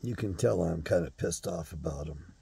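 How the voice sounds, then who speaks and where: A gruff older man rants bluntly and swears freely, his voice deep, dark and heavily gravelly. It is rough and husky throughout, recorded close and dry with no room sound. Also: moderate pace, dry recording. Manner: blunt, profane, ranting. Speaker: show host. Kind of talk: angry monologue to camera.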